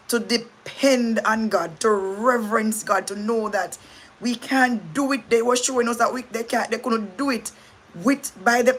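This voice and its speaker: A middle-aged Jamaican woman hosting a casual livestream chat, rambling, restarting sentences and thanking viewers. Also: on the high side. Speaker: livestream host.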